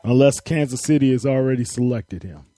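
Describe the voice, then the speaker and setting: A man co-hosting a sports talk radio show, easygoing and quick to laugh. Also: mid-range voice, warm tone, dry recording, clean studio sound. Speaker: radio co-host.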